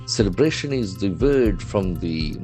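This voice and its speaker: Male trainer, lowish voice, methodical, spells words letter by letter, faint music behind. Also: animated, unhurried, mellow. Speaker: English language trainer. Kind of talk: newspaper vocabulary lesson.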